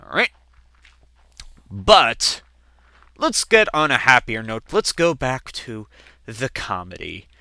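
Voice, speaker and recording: A man of twenty doing casual let's-play gameplay commentary, chatting and telling family stories in which he acts out quoted relatives with sudden jumps in pitch. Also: wildly swooping pitch, takes it slowly, gravelly, long pauses, sharp tone, dry recording. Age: 20s.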